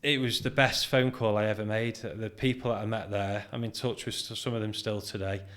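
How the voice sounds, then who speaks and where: A British man in his forties, a podcast guest and business founder, telling lively anecdotes in a casual interview, acting out quoted dialogue and laughing often. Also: lowish voice, brisk.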